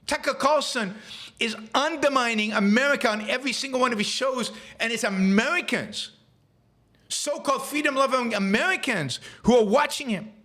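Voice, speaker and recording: A man's voice: very high-pitched, moderate pace, bright, forceful tone. A man hosting a live show, ranting emphatically and heatedly about public figures. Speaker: podcast host.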